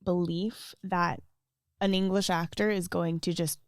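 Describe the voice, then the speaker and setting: Candid female host, low-pitched, dry recording. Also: level tone, unhurried, no echo. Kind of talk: casual chat.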